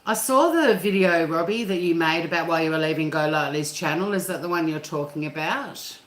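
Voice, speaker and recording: An Australian woman with a low voice talks casually to viewers from her kitchen, laughing easily and dropping the odd swear word. Her voice bounces around an echoey room. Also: fairly quick, a bit bright. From Tasmania, Australia. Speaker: livestream host. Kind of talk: casual chat reading viewer comments. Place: home kitchen.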